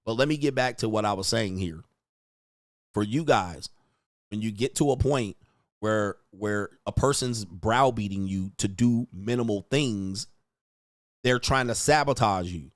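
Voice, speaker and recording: A man hosting an online show in a loud, mocking, profane ranting style, swinging into high shouted tirades. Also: measured pace, dry recording, clean studio sound. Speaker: online dating coach and host.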